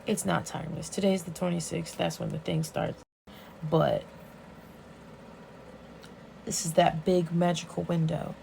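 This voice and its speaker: Young woman vlogging, chatty and swears a lot, bit of vocal fry, faint noise behind. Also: fairly low pitch, measured pace, long pauses, rough recording. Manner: animated, profane, laughing storyteller. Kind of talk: casual story recap.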